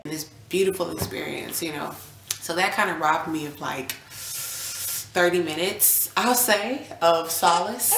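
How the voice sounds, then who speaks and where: A woman's voice: on the low side, a little slow, vocal fry, a little hiss or hum. A young woman vlogging casually, telling a personal story and acting out what people said, sometimes dropping almost to a whisper. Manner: animated, reenacts quotes, drops to near whisper at times. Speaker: vlogger, new mother. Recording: echoey room with faint ambience.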